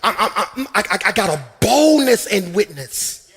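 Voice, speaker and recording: A man preaching a sermon as pastor in a church, shouting and swinging into sing-song runs. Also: high voice, sing-song, normal speed. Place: church sanctuary.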